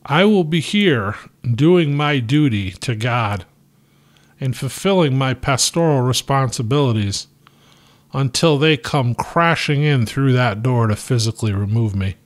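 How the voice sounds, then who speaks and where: A steadfast small-town pastor, read aloud by a man, delivers a sermon from the pulpit. He preaches in a firm, measured way with emphatic rises, taking his time over every phrase at a mid-range pitch. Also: lively intonation, lightly acted. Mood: resolute.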